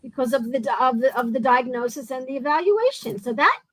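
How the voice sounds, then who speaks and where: Woman host, high voice, dry close sound, animated storyteller with restarts. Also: brisk, no echo, poor audio. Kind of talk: casual interview chat.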